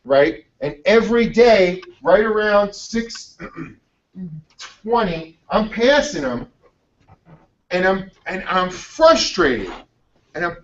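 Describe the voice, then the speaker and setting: A man giving a motivational talk, telling a story in an energetic, blunt way and swearing freely. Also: sits high, slow, pauses often, recorded from a distance, highs cut off. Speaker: motivational speaker.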